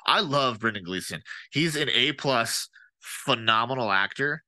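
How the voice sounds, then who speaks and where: A man's voice: medium pitch, unhurried, dry recording. A man co-hosting a podcast, chatting casually and profanely about a movie with lots of fillers. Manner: profane, animated, rambling with fillers. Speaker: podcast co-host. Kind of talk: casual movie-review chat.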